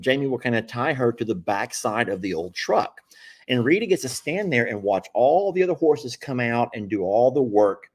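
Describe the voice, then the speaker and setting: A man's voice: mid-range voice, a little mellow. Host, middle-aged man, folksy rambling live-stream chat, chuckles now and then.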